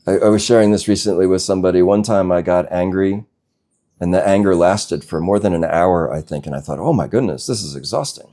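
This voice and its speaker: Deep, mellow-voiced spiritual teacher. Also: male voice, fairly even intonation. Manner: slow, gentle, reflective, with soft laughs. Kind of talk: satsang talk.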